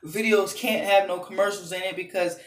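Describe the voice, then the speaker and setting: A man's voice: high-pitched, steady tone, brisk, roomy sound. A man ranting heatedly into his phone camera, swearing often and repeating himself. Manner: heated, profane, repetitive. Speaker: channel host. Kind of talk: angry ranting vlog.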